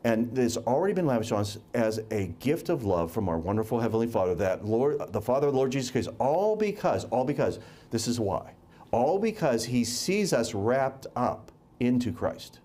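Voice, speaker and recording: A man's voice: mid-range voice, big pitch swings, moderate pace, warm tone. A man preaching a sermon, emphatic and repeating words for stress.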